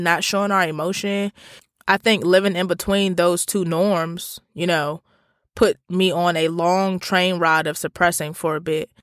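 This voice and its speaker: A man's voice: sits high, pushed and bright, clear, resonant tone, dry recording, studio quality. Profane, slangy man telling a story. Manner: talks straight to listeners. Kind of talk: casual storytelling monologue.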